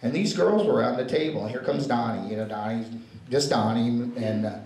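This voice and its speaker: A man's voice: medium pitch, fairly quick, darkish tone. A man giving an informal eulogy for a friend, telling stories in a rambling way with many fillers. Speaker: eulogy speaker. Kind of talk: informal spoken tribute. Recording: echoey room with faint noise.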